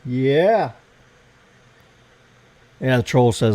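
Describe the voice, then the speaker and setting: Slow and warm, with long pauses, this American livestream host has a mid-range voice captured on a rough recording. During a relaxed late-night stream, he rambles and curses while tinkering with his computer.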